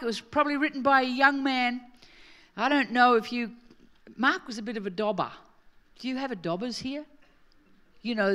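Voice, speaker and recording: A middle-aged Australian woman preaching a sermon, joking and swinging from quiet asides to loud emphasis. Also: medium pitch. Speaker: pastor.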